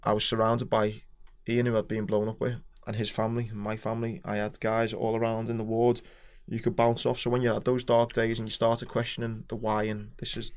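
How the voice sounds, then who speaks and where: A man with a Scouse accent, a former Marine and podcast guest, telling his story frankly with dark humour in casual chat. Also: fairly low pitch, monotone, a little fast, few pauses.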